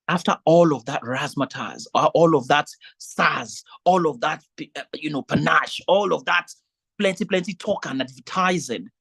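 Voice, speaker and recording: A woman with a Nigerian accent who hosts vendor meetings, speaking in a casual, animated, pleading way with many restarts. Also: deep voice, breathy edge.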